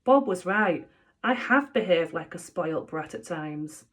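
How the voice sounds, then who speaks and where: A woman's voice: lowish voice, lively intonation, measured pace. A woman voicing an earnest, kind young boy who talks in an eager, heartfelt way in a storybook.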